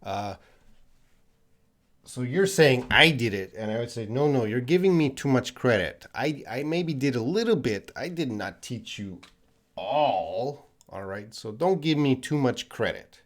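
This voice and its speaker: A Canadian man, an English teacher on a live stream, answers viewers' questions with an animated, medium-pitched voice. He explains patiently and repeats words slowly so learners can follow.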